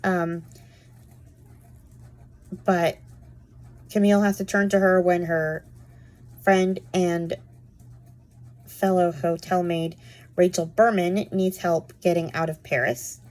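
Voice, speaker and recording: Brief: woman with a lowish voice, casual rambling book chat, full of fillers. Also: fairly even intonation, takes it slowly, pauses often, a little mellow. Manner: chatty, rambling, many "like" and "um" fillers. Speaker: book reviewer.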